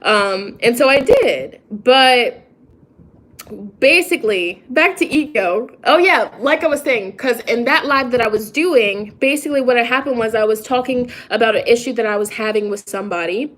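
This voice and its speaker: A woman's voice: fairly high pitch, expressive, moderate pace, fairly bright tone. A young woman talking casually on a phone livestream as a tarot reader and spiritual coach. She is chatty and preachy and often interrupts herself.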